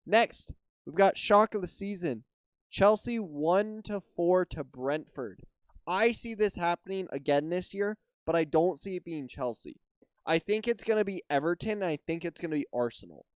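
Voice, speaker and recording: Young American male podcaster, tired, loose and profane, smooth voice, dry close sound. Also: on the high side, no room sound. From United States. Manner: casual, swears often, trails off and restarts. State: tired, yawning. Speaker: podcast host. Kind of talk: casual solo podcast predictions.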